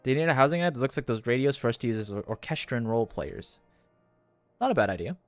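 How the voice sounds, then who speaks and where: A man's voice: mid-range voice, lively intonation, quick pace, no room sound, soft background music. A man streaming a game for the first time, chatting casually and rambling with a self-deprecating humor. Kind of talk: casual commentary while gaming.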